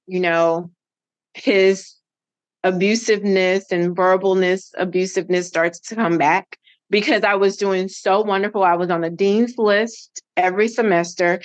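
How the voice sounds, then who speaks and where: Middle-aged woman on a podcast telling her story, animated, acts out what people said. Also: mid-range voice. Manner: animated, acts out quoted dialogue. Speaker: podcast guest. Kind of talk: personal storytelling in an interview.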